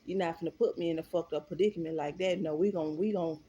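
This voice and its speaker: Animated, swearing woman telling a story. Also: fairly low pitch, quick pace, dull audio. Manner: animated, profane and emphatic. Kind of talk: storytime vlog.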